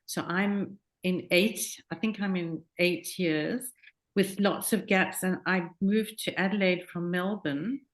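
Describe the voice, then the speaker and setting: Earnest, hesitant woman with a lowish voice, asking about studies. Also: slow pace. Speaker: prospective student.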